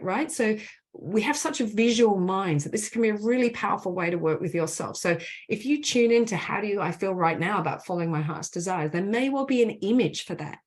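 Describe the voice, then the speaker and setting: Soothing low-voiced woman leading a healing call. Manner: gentle, soothing, affirming, with many "right?" tags. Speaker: spiritual mentor leading a group call. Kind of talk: guided group clearing session. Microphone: online video call.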